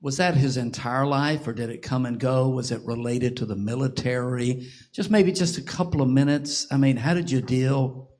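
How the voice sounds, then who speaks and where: A man's voice: mid-range voice, moderate pace, darkish tone. A man moderating a church conference panel, asking questions and giving brief, encouraging replies.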